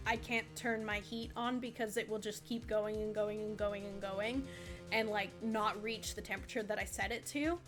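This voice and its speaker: A woman's voice: fairly high pitch, fairly bright tone. A young adult woman streaming a game, chatting casually and rambling, thanking viewers effusively. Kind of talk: casual live-stream chat.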